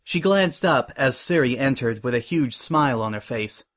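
A man with an ordinary mid-range voice reads a fan-written story aloud. His delivery is steady and even, the plain voice of a storyteller. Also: mid-range voice, normal speed. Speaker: narrator. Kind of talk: storybook fan fiction reading.

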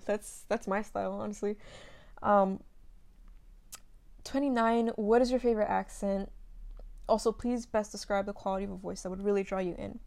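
A woman's voice: mid-range voice, normal speed, a little mellow. A young woman from the United States answering listener questions in a loose, chatty monologue, full of fillers and slang, recorded as a phone voice memo.

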